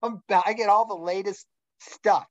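A man's voice: sits high, fairly even intonation, normal speed, no room sound. A middle-aged man in a casual discussion, telling a story and acting out the dialogue he quotes. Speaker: guest. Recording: dull lo-fi sound.

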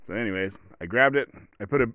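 A man's voice: lowish voice, quick pace, sharp tone, no room sound. A man hosting a podcast, talking in a rambling, blunt monologue that often restarts and corrects itself. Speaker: podcast host. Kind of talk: casual monologue.

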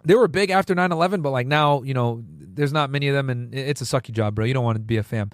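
A man's voice: medium pitch, lively intonation, quick pace, dry recording, clean studio sound. A man in his thirties from Connecticut, a former federal agent telling stories to viewers in a loose, rambling, slangy way. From Connecticut, US Northeast. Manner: slangy and profane, peppered with "bro" and "right?"; rambling, with frequent restarts. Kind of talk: casual storytelling to viewers.

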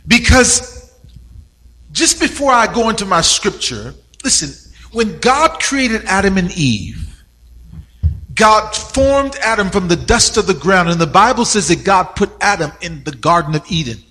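A man's voice: high-pitched, bright, forceful tone, in a large hall, poor audio. A man preaching a sermon as pastor, telling a story with a varied delivery, many "uh"s and repeated "and"s.

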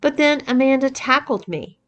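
A woman's voice: high-pitched, expressive, moderate pace, fairly bright tone, pitched above the performer's own voice. A woman reading the part of a sheepish young man recounting a story, matter-of-fact.

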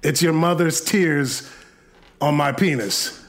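A man with a high, brash voice hosts a call-in segment and hurls profane trash talk at callers. His delivery is cocky and insulting. Faint hiss sits behind him. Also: slow, gravelly. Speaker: host answering a prank call-in line. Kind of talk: crude comedic trash talk.

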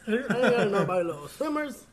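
A man's voice: high voice, very animated, a little fast, a crowd in the background. A young man co-hosting a casual podcast, teasing his friend in a playful way. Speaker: podcast co-host. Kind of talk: casual chat.

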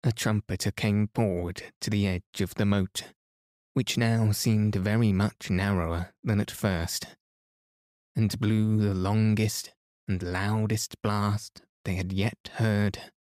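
A man calmly reading a children's book aloud as a bedtime story for sleep. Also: lowish voice, takes it slowly, dry recording, studio quality. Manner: calm, soothing. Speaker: podcast reader.

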